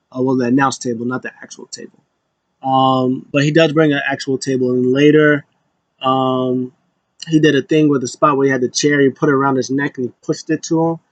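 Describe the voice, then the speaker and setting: A young man casually recapping a wrestling show, rambling with lots of fillers and sudden excited bursts. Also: medium pitch, no room sound.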